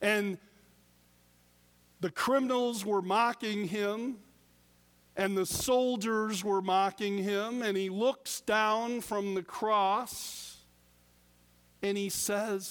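A man preaching a sermon as pastor, deliberate with emphatic pauses. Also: high voice, fairly even intonation, a bit bright, smooth, long reverb tail.

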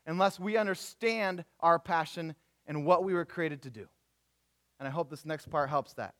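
Young male youth preacher, casual storyteller, slightly high voice. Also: unhurried. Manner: animated storytelling with voiced characters, casual slang. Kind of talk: sermon.

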